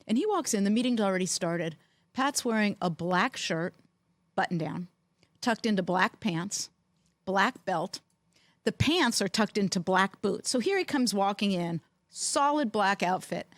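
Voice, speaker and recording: A middle-aged woman co-hosts a podcast and spins animated anecdotes, slipping into quoted voices as she goes. She sits at an ordinary pitch for a woman, recorded close and dry with no room sound. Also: measured pace, dry recording. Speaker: podcast co-host, former team executive. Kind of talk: storytelling in casual chat.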